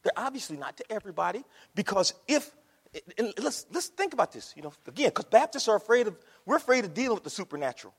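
A man preaching a sermon with fervour, calling out to his congregation and swinging from hushed to loud. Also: high-pitched, very animated, fast talker, husky, big-room sound. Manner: calls out to the congregation. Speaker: pastor.

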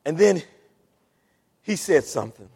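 Pastor, high voice, preaching in a church with a long echo, hushed one moment, shouting the next. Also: male voice, sing-song, unhurried, breathy edge. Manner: preaching with swings between soft weeping tones and loud shouting. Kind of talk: sermon. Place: church sanctuary. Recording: long hall reverb.

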